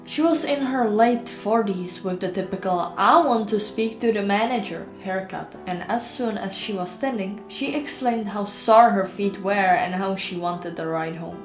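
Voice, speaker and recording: A woman's voice: medium pitch, a little slow, hardly any pauses, darkish tone. A woman reading an audiobook aloud in plain storytelling, then chatting to viewers. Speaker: audiobook narrator. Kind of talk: audiobook narration. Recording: roomy with faint music.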